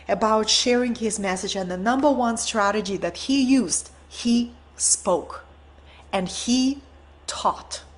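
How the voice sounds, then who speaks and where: Woman host of an online course, slow and inspirational, with a high voice and frequent rhetorical check-ins. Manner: earnest, inspirational, often checks in with rhetorical "right?". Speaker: host and teacher of an online event. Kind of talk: storytelling talk in an online teaching session.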